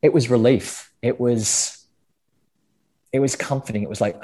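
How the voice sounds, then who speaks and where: A man's voice: mid-range voice, steady tone, unhurried, long pauses, dark tone. A man speaking candidly as a podcast guest, often restarting and repeating words, with casual swearing. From Australia. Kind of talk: candid interview conversation.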